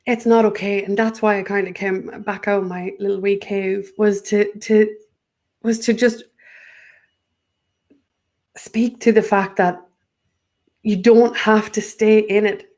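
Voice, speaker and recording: A woman's voice: medium pitch, flat delivery, slow, pauses often, a little mellow. Woman guest, chatty and rambling, trips over her own words, mid-range voice. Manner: rambling, repeats words, restarts often. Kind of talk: casual spiritual chat.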